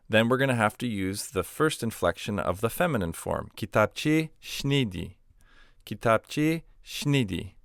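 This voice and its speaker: A man teaching a grammar lesson. He patiently says each example phrase slowly and repeats it. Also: lowish voice, fairly bright tone, clean tone, dry recording, clean studio sound. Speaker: language teacher.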